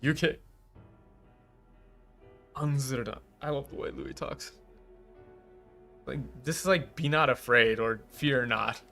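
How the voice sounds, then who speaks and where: A man's voice: medium pitch, slow pace, creaky, pauses often, pushed and bright, faint music behind. A man chatting casually on a game stream, joking and riffing while reacting to a translation.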